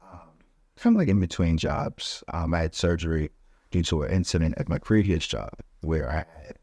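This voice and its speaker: A man, a podcast guest, telling his story in a relaxed, casual way with many fillers, and growing animated as he relives the events. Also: normal speed, husky, no room sound. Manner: animated, rising pitch when reliving events.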